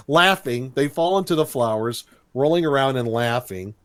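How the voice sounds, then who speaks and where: Man, podcast co-host, animated cartoon recap, laughs often, mid-pitched voice. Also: measured pace. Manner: animated storytelling, briefly imitates characters with laughs. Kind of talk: casual cartoon episode recap.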